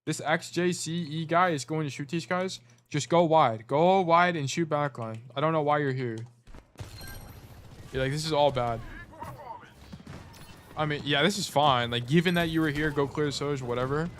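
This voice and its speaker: A man's voice: on the high side, moderate pace, slight background noise. A man coaching a player through gameplay footage in a casual, blunt way, often repeating short commands. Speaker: game coach.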